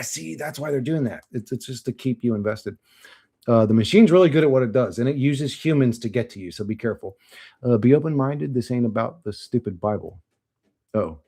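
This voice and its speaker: A man's voice: mid-range voice, creaky, mellow. Rambling, profane man chatting on stream. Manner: rambling, profane, laughs often. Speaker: channel host. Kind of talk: casual livestream chat.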